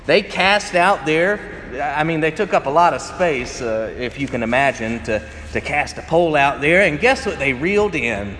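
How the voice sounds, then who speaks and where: A man preaching a sermon in a fairly high voice, mixing scripture with chatty stories and frequent laughter. His voice rings with a long reverb from a large room, and faint ambient noise sits underneath. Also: normal speed, fairly bright tone. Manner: conversational storytelling, often laughing. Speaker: pastor. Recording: echoey hall with faint ambience.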